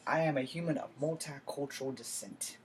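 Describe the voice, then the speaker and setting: A man's voice: medium pitch, fairly quick, slight background noise, low-quality recording. A man giving an emotional, impassioned vlog rant, swearing and building to outbursts. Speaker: video blogger.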